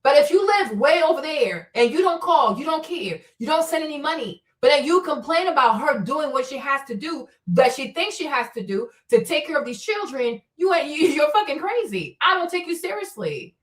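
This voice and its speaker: A woman's voice: high-pitched, sing-song, normal speed, few pauses. A woman hosting a casual live stream chat, blunt and profane, scolding her viewers. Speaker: host. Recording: echoey room, voice from a distance.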